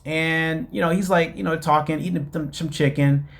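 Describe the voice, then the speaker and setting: Male host with a slightly high voice, loose and chatty, rambling through a TV gossip recap aimed straight at his viewers. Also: fairly even intonation, normal speed, creaky. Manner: chatty, addresses listeners as "guys"; rambling with many fillers. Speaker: show host. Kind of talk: casual reality TV recap.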